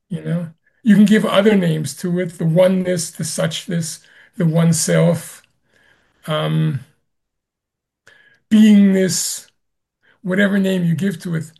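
A man, a Zen master, answering an interview question with slow, gentle storytelling and soft laughs. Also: high voice, gravelly.

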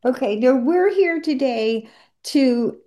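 Woman, radio host, brisk, upbeat, somewhat high voice. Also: animated, mellow. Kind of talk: scripted show intro and interview.

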